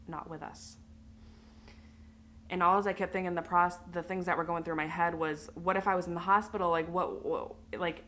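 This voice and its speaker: A woman's voice: fairly low pitch, fairly bright tone. A woman vlogger telling her own story to the camera, candid and emotional, with lots of fillers.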